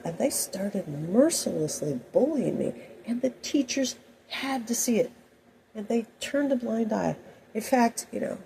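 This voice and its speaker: A woman's voice: on the high side, dark tone, slight background noise, low-quality recording. A woman telling personal stories in a rambling, anecdotal monologue full of asides. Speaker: host.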